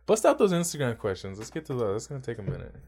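A man co-hosting a casual podcast, telling profane stories with animated retellings. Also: racing, vocal fry, breathy edge. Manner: acts out quotes with big pitch jumps. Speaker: podcast co-host. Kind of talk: casual chat.

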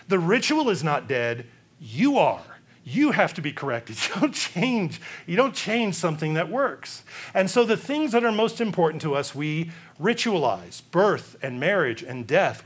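A man preaching a sermon, animated and given to sarcastic asides. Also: high-pitched.

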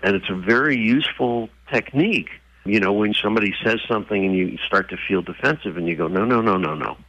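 Man, deep voice, bright tone, dry close sound, animated storyteller, radio guest. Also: fast, no echo, dull audio. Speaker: guest author. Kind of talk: radio interview.

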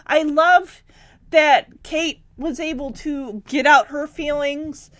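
Female vlogger, high animated voice, casual giggly episode recap, dry close sound. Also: slow pace, dry recording. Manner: chatty, giggly, lots of fillers. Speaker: TV episode reviewer.

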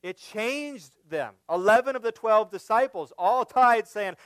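Male pastor preaching a sermon; smooth, clear voice in a dry, close room. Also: high voice, fairly bright tone, no room sound. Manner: slow, emphatic preaching that rises when stressing a point. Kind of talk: expository sermon.

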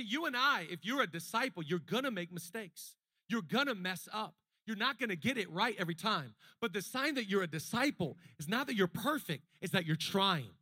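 Male pastor, high bright tenor, dry close sound, chatty sermon that swells into emphatic repetition. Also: no room sound. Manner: conversational preaching that builds to emphatic repetition.

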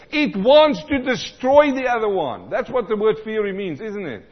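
A man from South Africa preaching a sermon, animated, repeating lines for emphasis and acting out the voices he quotes. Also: sits high, normal speed, hardly any pauses. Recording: dull sound in a large reverberant hall.

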